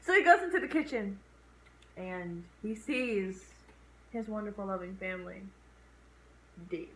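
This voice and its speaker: Lively young woman with a swooping voice. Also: mid-range voice, measured pace. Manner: lively, laughs often, chimes in with quips. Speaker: co-host reviewing a horror film. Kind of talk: casual chat recapping a movie. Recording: echoey room with faint background noise.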